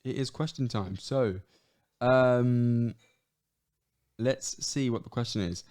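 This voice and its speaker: A man's voice: mid-range voice, unhurried, a little mellow. A man co-hosting a podcast, bantering casually and calling people "bro". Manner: laid-back banter, says "bro" a lot. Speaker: podcast co-host. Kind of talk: casual chat.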